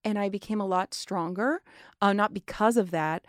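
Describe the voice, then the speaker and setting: A woman guest on an interview show, telling stories in a lively, chatty way and acting out the voices of the people she quotes. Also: medium pitch, moderate pace, no room sound, studio quality. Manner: animated, acts out quoted voices, frequent "like". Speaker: guest, Broadway actress. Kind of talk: conversational interview storytelling.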